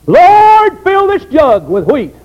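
A woman's voice: wildly swooping pitch, takes it slowly, muffled recording, exaggerated voice. A man preacher voicing an old woman fervently pleading in prayer. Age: older. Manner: fervent pleading, rising pitch. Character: old woman of faith praying intensely.

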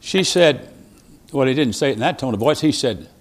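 A man preaching a sermon as a traveling preacher, telling stories with quoted dialogue and sudden loud rises and soft drops. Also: mid-range voice, expressive, fairly quick.

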